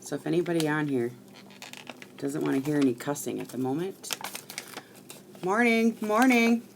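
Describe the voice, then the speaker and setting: A middle-aged woman rambling casually to live-stream viewers while she crafts at home, chatty and quick to swear. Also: low-pitched, gravelly, background noise.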